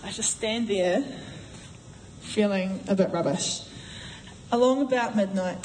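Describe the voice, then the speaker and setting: A woman giving a sermon in a chatty, animated way, acting out voices as she retells a story. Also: medium pitch, measured pace, pauses often, a little hiss or hum. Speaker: preacher. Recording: echoey room.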